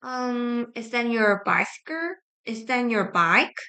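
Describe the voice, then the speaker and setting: A woman whose first language is Korean, reading simple grammar practice sentences aloud, repeating each one with halting restarts. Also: on the high side, lively intonation, sharp tone. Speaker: study-with-me streamer.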